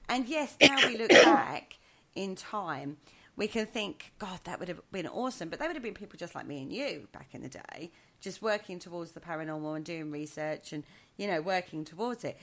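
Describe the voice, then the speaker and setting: Animated woman co-host. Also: fairly low pitch, moderate pace. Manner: animated, laughs often, leads the topic. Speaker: podcast co-host. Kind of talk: casual chat.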